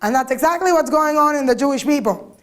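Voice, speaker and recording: A woman giving an informal talk to a group, lively and always asking her listeners questions. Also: high voice, quick pace. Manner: lively, asks the audience many questions. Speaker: lecturer.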